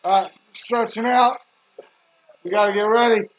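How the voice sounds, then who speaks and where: A man with a high, light voice hosts a live watch-along stream. His talk is casual and loose. He airs strong opinions and grumbles freely about what is happening on screen. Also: moderate pace. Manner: opinionated, griping about the booking.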